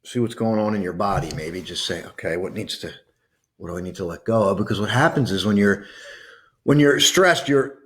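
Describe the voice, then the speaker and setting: A man with a low, deep voice leads a slow breathing exercise. He coaxes gently and lets soft pauses hang between his words. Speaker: host guiding a calming exercise. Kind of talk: guided breathing meditation.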